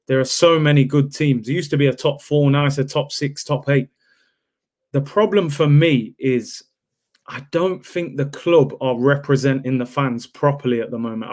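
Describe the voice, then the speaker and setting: A man's voice: mid-range voice, moderate pace, a little mellow. A man hosting a casual podcast, speaking earnestly and giving his opinions in plain words. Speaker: podcast host.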